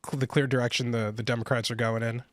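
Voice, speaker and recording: A man's voice: mid-range voice, level tone, quick pace, no echo. A man talking as a guest on a panel podcast, in a tentative, hedging way. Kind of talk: casual panel discussion.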